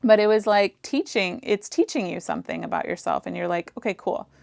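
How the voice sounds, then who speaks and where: A woman's voice: fairly low pitch, expressive, fairly quick, creaky, a little mellow, no echo, clean studio sound. A woman giving a pick-a-card tarot reading in a chatty, reassuring way, full of fillers. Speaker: tarot reader.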